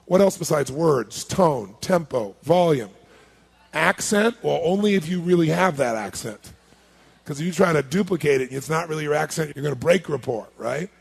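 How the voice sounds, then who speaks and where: A man with a gravelly voice works a seminar audience with emphatic, punchy delivery. He keeps throwing rhetorical questions at the crowd and hammers his main points by repeating them. His voice sits a little high for a man and has a husky edge. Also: animated, moderate pace. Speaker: motivational seminar speaker. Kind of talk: live seminar talk to an audience.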